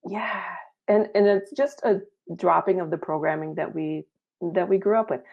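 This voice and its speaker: A woman's voice: fairly low pitch, moderate pace, creaky. A woman guest on a spiritual talk show, speaking in an earnest, reflective way. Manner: earnest, reflective, laughs lightly. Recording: dull lo-fi audio.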